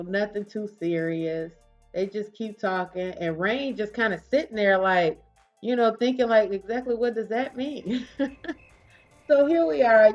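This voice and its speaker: A woman casually narrating a story in a chatty, animated way, often laughing along. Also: medium pitch, muffled recording.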